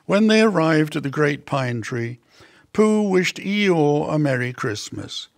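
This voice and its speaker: Slow gravelly man reading a storybook. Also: fairly high pitch, lively intonation, no echo, studio quality. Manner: slow, gentle read-aloud with small character voices. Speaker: storybook reader. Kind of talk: reading a children's picture book aloud.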